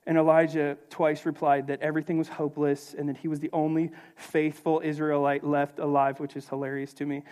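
A man preaching a sermon as pastor, animated and conversational, slipping into acted asides. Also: on the high side, brisk.

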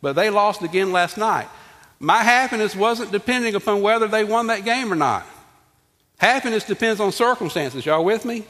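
Middle-aged pastor preaching with energy and plenty of questions to the congregation, fairly high voice, recorded in a hall with a long echo. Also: male voice, lively intonation, normal speed, a bit bright. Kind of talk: sermon. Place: church sanctuary.

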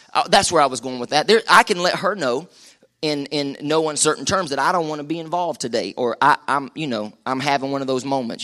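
Male pastor, middle-aged, fairly high, bright and forceful delivery, joking call-and-response sermon in church. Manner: joking, chatty, calls for crowd response. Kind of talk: lively live sermon. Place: church service with live congregation.

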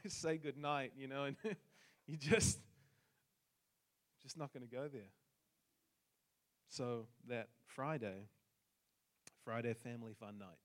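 Man with a New Zealand accent, pastor, animated sermon storytelling, mid-pitched voice. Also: slow pace, long pauses. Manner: animated storytelling with jokes to the congregation.

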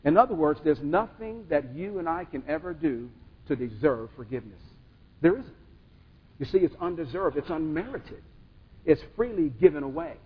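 A man's voice: a little high, slightly rough. A man preaching a sermon in a call-and-response way, building to emphatic bursts. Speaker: pastor. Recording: dull sound with long hall reverb.

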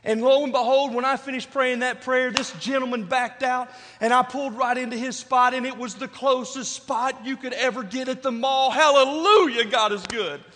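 A smug, boastful churchgoing friend, as a preacher man puts him on, telling his tale in a soft, hushed, self-satisfied voice. The voice is high and echoes through a large church hall with long reverb. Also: little pitch movement, normal speed, hardly any pauses.

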